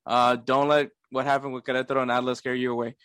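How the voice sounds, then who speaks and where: A man's voice: mid-range voice, level tone, fast, a bit bright, smooth, no echo, clean studio sound. A man hosting a casual sports podcast, laughing often and poking fun at himself. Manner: laughs often, self-mocking. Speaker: podcast host.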